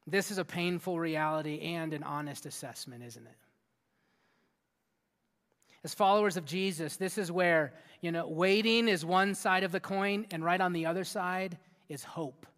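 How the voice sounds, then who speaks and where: A man preaching a sermon as a youth pastor in a church hall, energetic and interactive, often asking the audience questions. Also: sits high, normal speed. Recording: long hall reverb with faint music.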